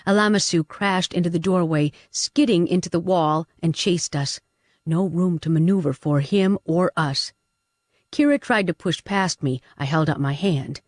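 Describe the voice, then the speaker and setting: Low-voiced woman narrating an action audiobook. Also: normal speed, no room sound, studio quality. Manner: dramatic, pushes character shouts high and loud. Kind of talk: first-person audiobook narration.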